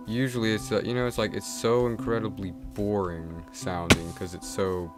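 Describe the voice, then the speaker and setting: A young man with a lowish voice rambles casually while he streams a game. His talk is loose and full of fillers, and he often restarts his sentences. Game music plays clearly underneath him. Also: little pitch movement, normal speed.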